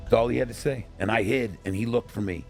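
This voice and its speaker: A man's voice: fairly low pitch, fast talker, faint music behind. A middle-aged man from Chicago hosting a podcast, telling stories casually and acting out quoted lines. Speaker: podcast host and technical advisor. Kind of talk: casual interview storytelling.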